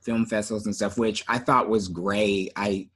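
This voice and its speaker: A man co-hosting a podcast in casual chat, relaxed and often trailing off with fillers. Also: fairly low pitch, moderate pace, husky. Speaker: podcast co-host.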